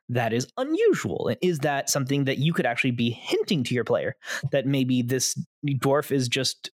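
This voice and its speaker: A man's voice: medium pitch, expressive, normal speed, no room sound, clean studio sound. A young man hosting a casual tabletop-gaming podcast, rambling with lots of fillers. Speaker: podcast host, game master. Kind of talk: casual chat.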